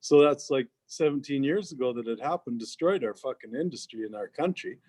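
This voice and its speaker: A man's voice: mid-range voice, fairly quick. A man co-hosting a casual chat, telling rambling stories and swearing constantly. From Canada. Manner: profane, animated storyteller, swears constantly. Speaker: podcast co-host.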